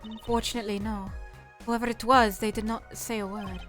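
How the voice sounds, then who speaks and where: A woman voicing a soft-spoken, formal blind female singer in a fan game dub. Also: a little high, faint music behind, natural voice. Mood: calm. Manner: calm, measured, formal.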